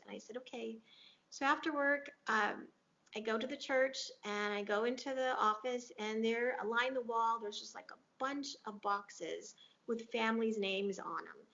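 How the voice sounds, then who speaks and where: A woman guest in an interview tells a moving personal story earnestly and emotionally, quoting what people said to her. Her medium-pitched voice is creaky, bright and forceful, captured on dull lo-fi audio.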